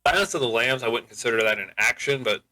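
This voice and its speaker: Brief: young male co-host, casual chat; bright, lively pitch, hesitant. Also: quick pace, no echo, poor audio. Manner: easygoing, wry, hesitant. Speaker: podcast co-host.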